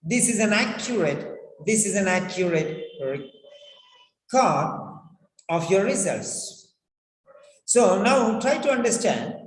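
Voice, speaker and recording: A man teaches pronunciation at an unhurried pace. He repeats key words again and again to drill them. The sound is roomy, with a long echo trailing each phrase. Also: high voice, very animated. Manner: repetitive, drills words over and over. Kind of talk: slow instructional lesson. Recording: echoey room with long reverb.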